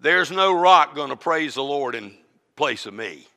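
Preacher guy, high bright voice, goes loud then hushed, big church echo. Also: expressive, unhurried. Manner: dynamic preaching, swinging from booming to hushed. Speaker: interim pastor. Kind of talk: sermon.

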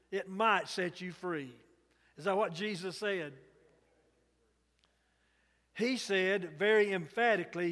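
A male pastor preaching a sermon and reading scripture aloud, slow and emphatic, growing louder on the verses, in a church sanctuary. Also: sits high. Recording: long reverb of a large hall.

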